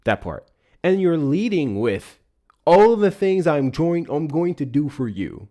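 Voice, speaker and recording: A man hosting a live show, giving casual political commentary in an animated, profane rant. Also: on the high side, unhurried. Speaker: livestream host.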